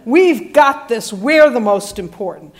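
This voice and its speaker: A woman's voice: a little high, lively intonation, a little slow. A woman preacher voicing two cocky male disciples who claim to be the most important. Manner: cocky, boasting.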